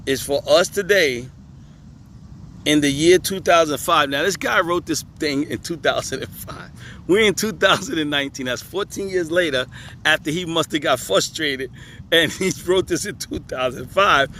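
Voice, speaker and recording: A man's voice: on the high side, a bit bright, slight background noise. A man outdoors on a hot day, reading questions aloud and commenting on them, laughing often and talking back to the text. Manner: laughing, emphatic, talks back to the page. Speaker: religious commentator.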